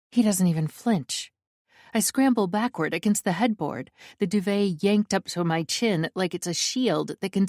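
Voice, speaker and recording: Woman reading a scary romance audiobook real slow, tense and scared, dry booth. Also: fairly low pitch, dark tone, no room sound. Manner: fearful, breathless inner voice. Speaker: audiobook narrator. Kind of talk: first-person romance narration.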